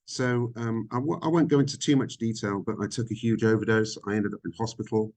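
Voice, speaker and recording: Low-voiced man, frank and halting. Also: steady tone, a little mellow. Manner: reflective, frank, halting with frequent ums. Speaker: podcast guest. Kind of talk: candid interview conversation.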